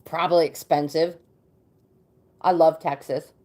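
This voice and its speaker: A woman hosting a casual live-stream tarot reading, reading card meanings aloud with pauses and fillers and greeting viewers by name. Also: low voice, fairly even intonation, mellow. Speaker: tarot card reader and livestream host.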